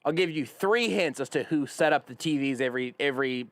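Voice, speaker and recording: A man's voice: medium pitch, a little fast, fairly bright tone. A man hosting a sports radio show, joking in casual banter with mock exasperation. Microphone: studio microphone.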